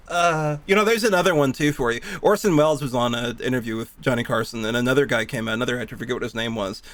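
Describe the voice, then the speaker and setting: A man's voice: medium pitch, a bit bright. A man chatting casually on a live stream while gaming, rambling from thought to thought, laughing often and swearing freely.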